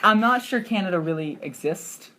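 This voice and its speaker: A woman's voice: mid-range voice, expressive, normal speed, sharp tone. A woman hosting a student podcast, chatting casually and joking in a rambling, provoking way. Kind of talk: casual chat.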